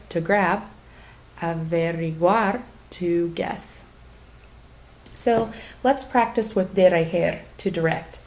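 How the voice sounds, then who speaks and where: A woman teacher giving a recorded lecture for a flipped class, slowly reading lists of verb forms and giving assignments. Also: lowish voice, a little mellow. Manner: deliberate, reads conjugations aloud in lists. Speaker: Spanish teacher.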